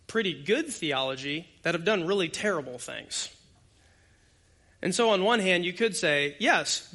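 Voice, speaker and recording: A male pastor preaches with a bright, forceful tone and a voice that sits a little high for a man. He talks conversationally and hits his points hard. He speaks straight to the people in front of him. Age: adult with young children. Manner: conversational, emphatic preaching that addresses the congregation directly. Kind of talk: expository sermon.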